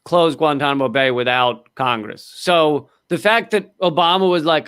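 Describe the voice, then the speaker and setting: A man's voice: on the high side, normal speed, hardly any pauses, fairly bright tone, clean tone, dry recording. A man co-hosting a podcast, talking about politics in a blunt, rambling way. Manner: rambling, many fillers and restarts, blunt. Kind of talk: casual political chat.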